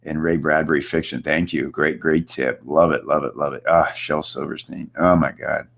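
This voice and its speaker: Man, extremely low voice, casual online host, chatty, upbeat, filler-heavy. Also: steady tone, moderate pace, gravelly, fairly bright tone. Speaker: host of a live online Q&A chat. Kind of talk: casual coaching chat, reading viewer questions. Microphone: computer setup with screen share.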